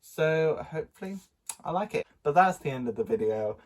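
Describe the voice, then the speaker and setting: A man's voice: on the high side, lively intonation, moderate pace. Nasal, chatty young man vlogging. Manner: chatty, rambling with many ums and laughs. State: nasal from a cold. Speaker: book vlogger. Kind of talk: casual book haul vlog.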